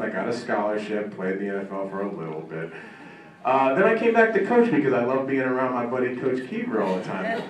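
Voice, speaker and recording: A man in his thirties giving an acceptance speech at a banquet, telling self-mocking stories with laughter. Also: lowish voice. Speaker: hall of fame inductee. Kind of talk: after-dinner acceptance speech. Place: country club banquet room. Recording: echoey hall from far off, ambient noise.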